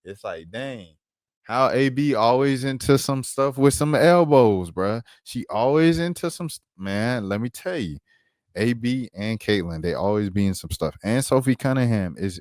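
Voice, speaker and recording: A man giving a casual basketball recap on his vlog, animated and slangy, talking while he pulls up clips. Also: lowish voice, normal speed, no room sound, studio quality. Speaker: basketball commentator and vlogger.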